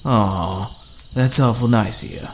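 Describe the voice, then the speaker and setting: A man's voice: medium pitch, animated, fairly quick, slight background noise, natural voice. A man voicing a big, burly man who is sarcastic and snarling as he walks out on the group.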